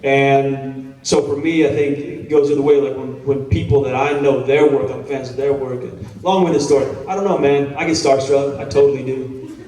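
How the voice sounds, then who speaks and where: A man's voice: mid-range voice, steady tone, moderate pace, warm tone, distant mic. A man in his thirties, an actor telling stories to fans on a convention panel, chatty, laid-back and self-deprecating, swearing now and then. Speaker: actor answering fan questions on a panel. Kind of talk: casual storytelling Q&A. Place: large convention hall. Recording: echoey hall, mic picked up from afar.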